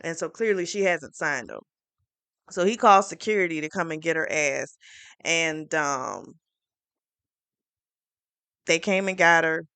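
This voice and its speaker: A woman's voice: sits low, unhurried, pauses often, no room sound. Chatty woman retelling a book. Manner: chatty, animated storytelling with fillers. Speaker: book reviewer. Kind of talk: casual book review retelling.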